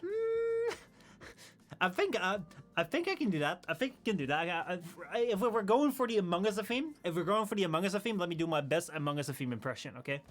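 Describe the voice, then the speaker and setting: A man's voice: high-pitched, big pitch swings, brisk. A young man streaming and chatting casually, rambling and laughing often at himself. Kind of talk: casual chat.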